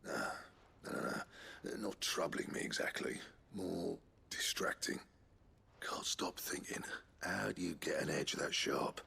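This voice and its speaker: Game blacksmith, gruff, sweary, low husky gravel voice, muttering. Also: male voice, a little slow, bright, forceful tone, full character voice. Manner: blunt, grumbling, muttering. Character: gruff middle-aged male blacksmith, blunt and sweary.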